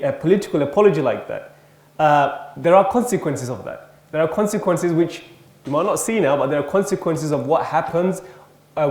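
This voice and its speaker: Guy answering a question at a seminar, measured, bit high voice, echoey room. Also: darkish tone. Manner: measured, hedging with ums. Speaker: invited speaker, head of research.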